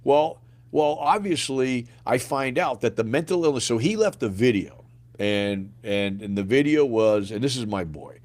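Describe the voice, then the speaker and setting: A man's voice: mid-range voice, lively intonation, moderate pace, a little mellow. A middle-aged man from the United States, a podcast guest telling a painful personal story in a blunt, casual way full of slang and swearing. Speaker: podcast guest, grieving father.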